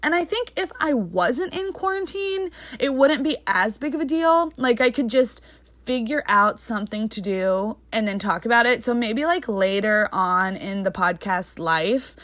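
A young adult woman hosting her own podcast in casual solo chat, talking fast and rambling with lots of fillers. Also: fairly high pitch, lively intonation, fairly bright tone, dry recording. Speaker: podcast host.

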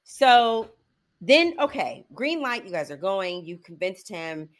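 Expressive middle-aged woman, lively pitch. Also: slow. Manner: expressive, acts out quotes. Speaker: podcast co-host. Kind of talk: casual chat.

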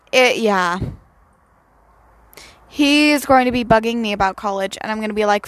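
A woman's voice: on the high side, takes it slowly, long pauses, a bit bright, no echo. A girl in her late teens ranting casually outdoors into her phone, blunt, profane and self-mocking. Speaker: vlogger. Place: outdoors near home at sunset.

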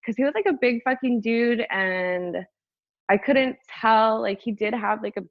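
Woman, casual storytelling, animated, lots of "like", swearing, dry dull recording. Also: on the high side, a little slow, dry recording. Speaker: guest telling a personal story.

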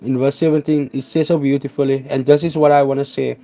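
A man preaching a sermon, reading scripture aloud and explaining it, repeating and restarting phrases and slowing down on key words. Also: mid-range voice, level tone. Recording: dull lo-fi sound with faint music behind.

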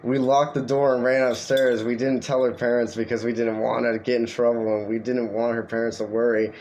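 A man reading an internet story aloud for a podcast, at a mid-range pitch. He swears freely and breaks off to comment. A faint hiss sits under the voice. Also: fairly quick. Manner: profane, animated storytelling with asides. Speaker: podcast host.

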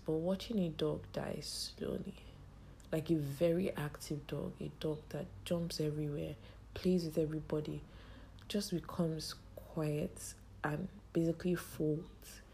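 A young woman hosting a podcast, telling a personal story in a halting, tearful way with a strained, choked-up voice. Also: deep voice, gravelly, dark tone, slight background noise. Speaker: podcast host. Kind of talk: personal monologue.

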